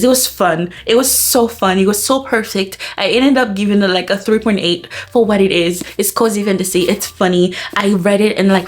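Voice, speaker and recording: A woman chatting casually in a book review vlog. She talks with excitement, laughs often and fills her speech with "like.". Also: mid-range voice. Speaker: book vlogger.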